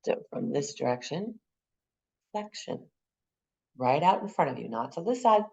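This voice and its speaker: A woman teaching an anatomy class for massage exam prep, lively and repeating key terms and memory aids. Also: deep voice, measured pace, vocal fry.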